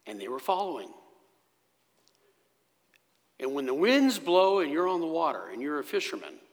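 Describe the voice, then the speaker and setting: A man preaching a sermon as pastor in a church, telling the story slowly and dramatically, dropping to a hush at key moments. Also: on the high side. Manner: slow, dramatic storytelling with sudden hushed drops. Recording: long echo of a church hall.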